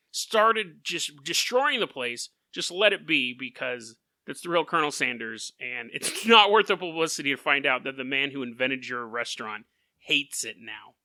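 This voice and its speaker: Close on his podcast mic in a dry room, a man recounts a story with animated energy, laughing mid-sentence at times. His voice is high and very bright, ranging widely in pitch, and the recording is dry.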